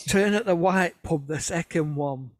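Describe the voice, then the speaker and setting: A man's voice: a little high, slow pace, dry recording, studio quality. A man putting on a blunt old local. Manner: blunt, clipped, drops articles. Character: gruff older local man giving directions.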